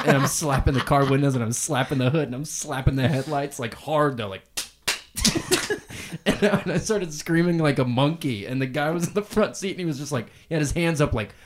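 A young man spins wild stories on a podcast and keeps breaking into laughter. His voice has a middling pitch and swings up and down with a lively, animated range. The talk is casual and rowdy. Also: slight background noise. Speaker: podcast co-host.

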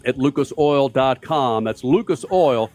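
A man hosting a motorsports radio show, interviewing a guest in a jokey, energetic way. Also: mid-range voice, unhurried, faint music behind.

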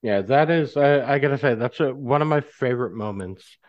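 A man of middle pitch chats on a podcast, excited and swearing freely as he recalls favorite scenes. His voice sits dry and close on the mic. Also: moderate pace, no echo, lo-fi sound. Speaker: podcast co-host. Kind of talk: casual movie discussion.

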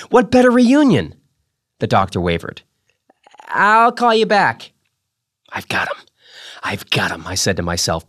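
A man hosting a podcast, reading a memoir aloud with dramatic delivery that drops to a hush. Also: lowish voice, dry recording, clean studio sound. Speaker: podcast host.

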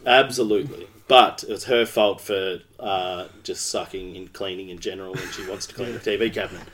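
A fairly low-voiced Australian man co-hosting a laid-back podcast from a couch. He tells long, rambling stories and breaks into laughter often. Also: steady tone, a little fast, fairly bright tone. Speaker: podcast co-host. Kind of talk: casual podcast chat. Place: basement room, seated on couches.

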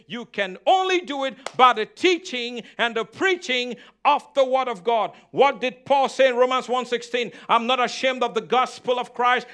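A middle-aged pastor preaches with a very high, bright and forceful voice. He drives his sermon with call-and-response, asking questions and answering them himself. His key phrases come back again and again. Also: smooth.

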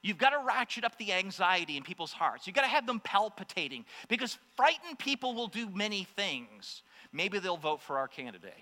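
A man delivers an impassioned sermon in a notably high, bright voice. He swings between raised exclamations and quiet asides. The sound carries a long hall reverb over a faint mains hum. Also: very animated, a little fast. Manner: impassioned preaching, rising to exclamations and dropping to hushed asides. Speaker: pastor.

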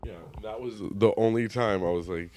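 Deep-voiced American man, rambling chat. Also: moderate pace, mellow. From United States. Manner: loose and rambling, many fillers and restarts. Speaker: actor, guest. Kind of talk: casual interview talk.

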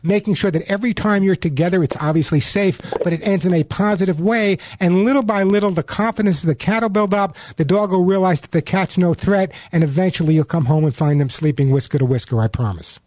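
A man's voice: sits high, fast talker, hardly any pauses, a little mellow. A man hosting a call-in radio pet show, chatty and emphatic, often repeating words as he gives advice. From New York.

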